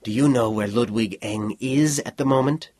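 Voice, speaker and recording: A man doing a meditative, measured official. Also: mid-range voice, a little mellow, natural voice. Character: thoughtful male official, measured.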